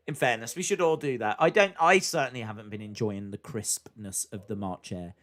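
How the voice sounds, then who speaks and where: A man's voice: lowish voice, fairly quick, a bit bright. A man hosting a live stream, chatting casually as he reacts to a wrestling show and reads viewer comments aloud.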